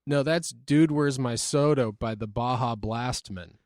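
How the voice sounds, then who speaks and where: A man's voice: mid-range voice, a little slow, a little mellow, no room sound, studio quality. A man co-hosting a podcast in casual banter, rambling, swearing and poking fun at himself. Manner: rambling, profane, self-mocking. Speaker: podcast co-host. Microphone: studio mic.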